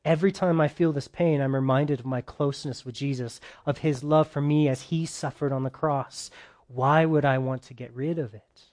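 A man preaching a conversational sermon who keeps asking his listeners questions and swings between loud, emphatic bursts and quiet, soft stretches. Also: mid-range voice, steady tone, normal speed.

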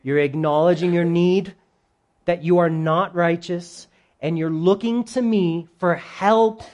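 A preacher voicing God, low and gentle. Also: steady tone, a little slow, close to an everyday voice. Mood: tender.

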